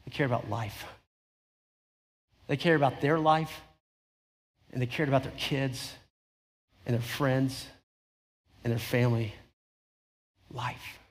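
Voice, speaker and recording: A middle-aged man preaching a sermon, telling a story in a conversational way with emphatic repetition. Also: a little high. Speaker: pastor. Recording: long hall reverb.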